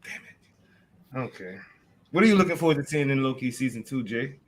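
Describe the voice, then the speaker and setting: A man's voice: medium pitch, expressive, moderate pace, slight background noise. A man hosting a casual group chat, joking and calling on each panelist in turn. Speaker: podcast host.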